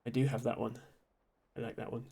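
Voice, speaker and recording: Mellow man chatting on stream. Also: medium pitch, little pitch movement, fairly quick, gravelly, slightly rough. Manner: reads out chat, thanks viewers, many ums and soft laughs. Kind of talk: casual live-stream chat.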